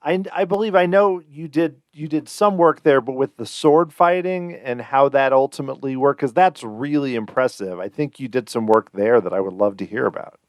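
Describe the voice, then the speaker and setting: A man's voice: mid-range voice, moderate pace, hardly any pauses, dry recording, clean studio sound. A male podcast host asking his guest about his work with enthusiasm. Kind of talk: interview.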